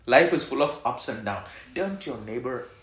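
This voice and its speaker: A man's voice: medium pitch, expressive, moderate pace. Preaching man in an echoey church. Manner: call-and-response preaching, swings from loud to soft. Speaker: pastor. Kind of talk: sermon. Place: church hall.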